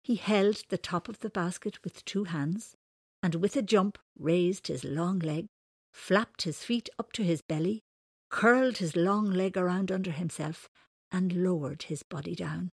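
A woman reading a children's storybook aloud in a slow, gentle manner. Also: on the low side, husky, no room sound. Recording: dry close recording.

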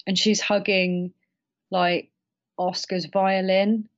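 A woman's voice: medium pitch, flat delivery, slow pace, lo-fi sound. A woman co-hosting a casual film discussion, rambling a bit with fillers and restarts.

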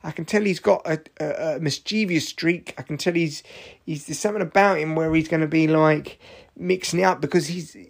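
A man's voice: on the high side, fairly even intonation, brisk, gravelly. A man in his forties, tired and achy, rambling through a sweary, jokey solo podcast monologue. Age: 40s. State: tired, achy after exercise. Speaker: podcast host.

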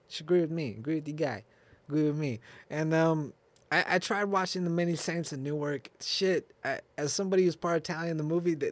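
A man's voice: mid-range voice, dry recording. A young man hosting his own podcast alone, rambling off the cuff with frequent swearing and laughter. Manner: rambling, profane, laughs often, restarts and off-the-cuff asides. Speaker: podcast host. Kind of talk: casual solo podcast rant.

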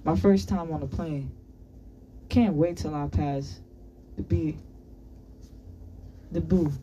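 A reader playing a cool, laid-back teenage boy in a storybook reading. He drawls casual slang slowly with a dark, mellow tone. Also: medium pitch, recorded from a distance, slight background noise, natural voice.

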